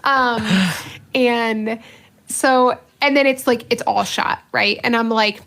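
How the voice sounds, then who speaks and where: Earnest, self-mocking religious sister. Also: female voice, fairly high pitch, steady tone, takes it slowly, gravelly, a bit bright. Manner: earnest, self-mocking, breaks into laughter, many fillers. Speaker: religious sister, podcast co-host. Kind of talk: casual podcast conversation, personal story.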